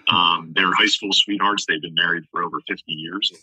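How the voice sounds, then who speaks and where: A man in his forties from southern New Jersey, a podcast guest speaking earnestly and haltingly with many fillers. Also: low-pitched, fairly even intonation, sharp tone, slightly rough, no echo, poor audio. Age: 40s. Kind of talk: casual interview chat.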